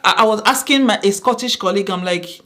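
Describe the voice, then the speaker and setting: A woman's voice: mid-range voice, quick pace, bright, forceful tone. A woman from Nigeria, talking casually to camera and giving earnest advice, often repeating phrases for emphasis. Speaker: vlogger giving workplace advice.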